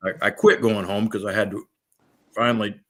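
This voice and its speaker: Older man, lowish voice, quiet reminiscing. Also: level tone, moderate pace.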